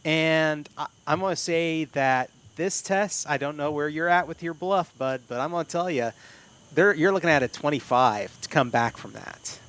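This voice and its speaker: Man, game master, descriptive narration, slightly high voice. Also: normal speed, fairly bright tone, clean tone.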